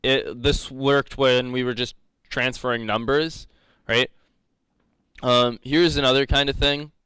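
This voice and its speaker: A man's voice: medium pitch, fairly even intonation, measured pace, sharp tone, smooth, no echo. A young man teaching a live coding lecture, rambling and joking, laughing often. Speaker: coding instructor.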